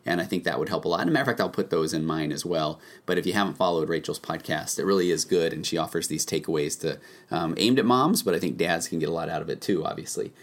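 Male podcast host, very low voice, loose and chatty with ad reads. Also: fast, hardly any pauses. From United States. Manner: relaxed, with frequent ums and uhs. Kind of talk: casual podcast intro and ad reads.

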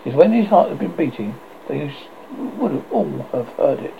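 A man reading a children's classic aloud with an expressive, theatrical delivery. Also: a little high, moderate pace, gravelly, phone-quality sound, a little hiss or hum. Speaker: audiobook reader. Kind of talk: storybook narration.

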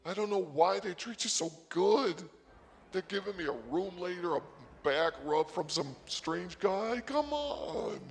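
A man doing a rambling, absurd comic story on the radio, excitable at times. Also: high voice, a little slow, in a large hall.

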